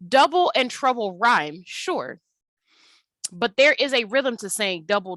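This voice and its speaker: A woman's voice: on the high side, lively intonation, measured pace, fairly bright tone, dry recording. A young woman teaching an English lesson over slides, explaining casually and saying words aloud to show their rhythm. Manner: conversational, with fillers.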